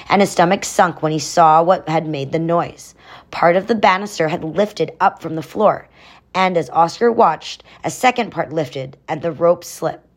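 A woman narrating a children's adventure story, adding chatty explanatory asides. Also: deep voice.

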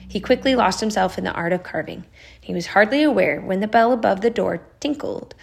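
A woman narrating a storybook aloud in a measured, expressive way. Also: medium pitch, vocal fry.

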